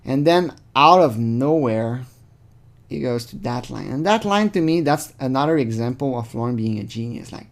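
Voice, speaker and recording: A man's voice: mid-range voice, animated, moderate pace. Rambling man commenting casually. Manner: rambling, many fillers, sarcastic asides. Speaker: channel host. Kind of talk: casual commentary reading chat logs.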